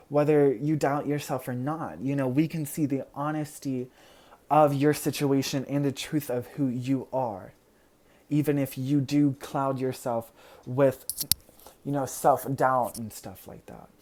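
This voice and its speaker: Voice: medium pitch, warm tone. A tarot card reader giving an earnest, reassuring pick-a-card reading straight to the viewer, full of "you know" fillers. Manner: loses words at times and laughs at own slips.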